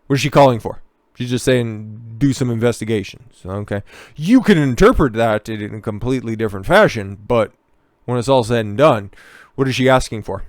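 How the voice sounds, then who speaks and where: A man's voice: mid-range voice, expressive, normal speed, no echo, clean studio sound. A man giving heated, profane and sarcastic political commentary, reading out news and then ranting back at it.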